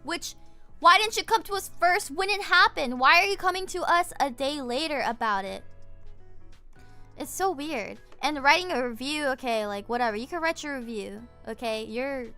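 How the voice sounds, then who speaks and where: A woman with a high, bright and tense voice chats to her stream, telling a story in an exasperated, animated way and swearing freely. Faint music plays behind her. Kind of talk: casual storytelling chat.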